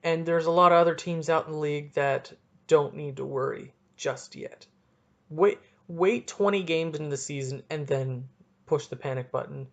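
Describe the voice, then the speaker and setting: A young man hosting a solo sports podcast, ranting excitably and cutting himself off mid-sentence. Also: a little high, normal speed, creaky, dull audio. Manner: excitable, ranting, self-interrupting. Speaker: podcast host.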